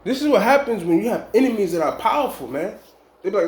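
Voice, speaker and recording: A man's voice: on the high side, fast talker. A man telling a long dream story in casual, rambling street slang with emphatic warnings. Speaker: vlogger. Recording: echoey room.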